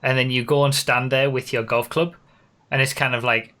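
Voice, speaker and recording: A man's voice: mid-range voice, little pitch movement, normal speed, pushed and bright. A man from the UK hosting a podcast in casual chat, asking questions and laughing easily. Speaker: podcast host.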